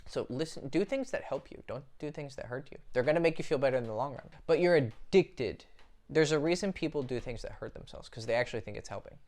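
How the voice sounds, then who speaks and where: A man's voice: medium pitch, expressive, fast, darkish tone. A young man giving dating advice as a coach, blunt and profane, talking straight to the viewer in a casual monologue.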